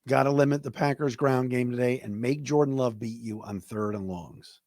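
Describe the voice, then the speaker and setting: A man's voice: mid-range voice, moderate pace, a little mellow, no echo, studio quality. A man hosting a solo sports podcast, giving blunt, emphatic opinions in casual commentary. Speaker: podcast host.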